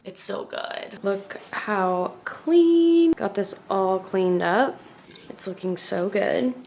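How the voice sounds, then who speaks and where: A woman's voice: medium pitch, gravelly, slight background noise. Young adult woman, casual home vlogger, talks in loose rambling chat. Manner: chatty, rambling, lots of "like".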